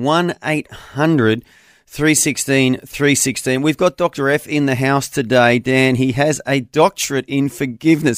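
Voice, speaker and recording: A man's voice: mid-range voice, no echo. A man hosts a Christian talkback radio program. He speaks in an earnest, encouraging, conversational way, and his voice sits close and dry with no room around it.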